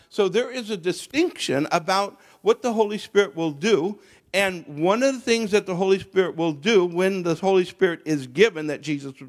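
Brief: man, fairly high voice, preaching, halting with restarts, rises when quoting scripture. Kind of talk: sermon.

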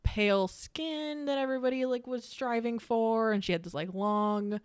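A woman's voice: a little high, moderate pace, smooth, dry recording, studio quality. A young woman co-hosting a podcast, telling a story in a casual, rambling way with frequent laughs. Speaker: podcast co-host. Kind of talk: casual chat.

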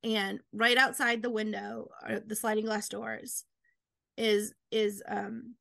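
A woman author telling stories in a casual chat, animated and acting out quoted lines. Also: slow, vocal fry, no room sound. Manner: animated, acts out quotes with big pitch jumps. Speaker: author guest.

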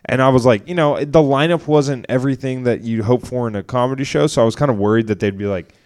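A young man co-hosting a comedy podcast, telling a long story in a rambling, animated way and acting out what others said. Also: medium pitch, fast talker. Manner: rambling, animated retelling with quoted voices. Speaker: podcast co-host. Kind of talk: casual storytelling chat.

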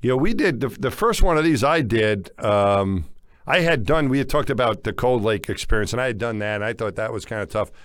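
A lively man telling a story, dry sound. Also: fairly quick, no echo. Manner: animated, acts out quoted dialogue with rising pitch. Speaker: former astronaut, podcast co-host. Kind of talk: casual storytelling chat.

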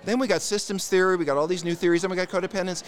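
A man's voice: sits high, steady tone, very fast. A man appearing as a therapist guest on a podcast, speaking with blunt, emphatic conviction. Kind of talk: casual interview.

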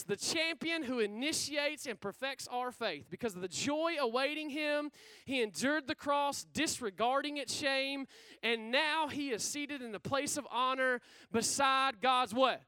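A man with a very high, bright, forceful voice preaches a lively sermon. He talks in casual slang and keeps calling out questions for the room to answer back. The sound is close and dry. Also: clean tone, dry recording. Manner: energetic, call-and-response with the congregation.

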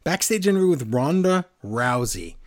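Animated man recapping sarcastically. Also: fairly high pitch, moderate pace. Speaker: wrestling podcast co-host. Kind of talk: casual recap chat.

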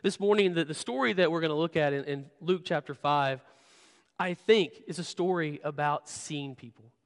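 A man's voice: a little high, normal speed, in a large hall. A man preaching a sermon, telling a candid personal story and often repeating words as he stresses a point. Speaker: pastor. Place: church sanctuary.

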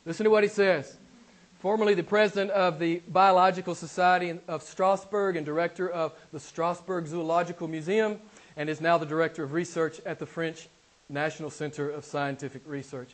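A male pastor preaching a sermon, emphatic, repeating key phrases and swinging between loud declarations and quiet asides. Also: on the high side, fairly even intonation, fairly quick, low-quality recording. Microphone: recorded for a podcast.

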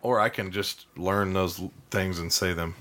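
A man co-hosting a podcast in casual chat, joking and quick to laugh. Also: sits low, steady tone, a bit bright. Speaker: podcast co-host.

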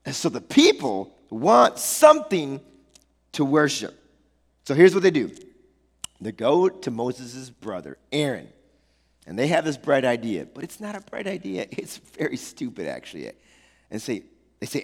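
A male pastor preaching a sermon, telling the story in a lively, playful way with slangy asides. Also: mid-range voice, measured pace, big-room sound.

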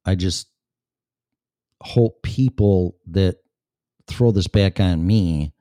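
A man hosts his own talk show and answers the chat room in a blunt, sarcastic way, swearing freely. His voice sits very low and mellow. The sound is close and dry. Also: drawn-out words, no room sound. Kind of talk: casual solo show, reading chat aloud.

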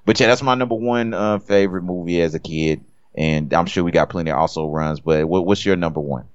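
A man's voice: low voice, fairly quick, smooth, highs cut off. A man co-hosting a podcast, talking casually in a laid-back, slangy way. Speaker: podcast co-host. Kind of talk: casual chat.

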